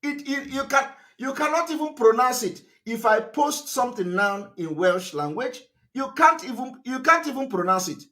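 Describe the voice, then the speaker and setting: A man's voice: expressive, normal speed, hardly any pauses, bright, forceful tone. A man giving a live political broadcast, emphatic and repetitive, firing rhetorical questions at his listeners. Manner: fillers and restarts, pitch swings up and down.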